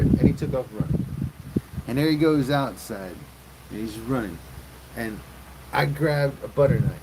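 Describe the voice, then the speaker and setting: A man's voice: medium pitch, animated, moderate pace, heavy background noise. A man hosting a casual livestream, telling crude rambling stories and chatting with viewers. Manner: crude, rambling storyteller with loud acted quotes. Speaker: livestream host.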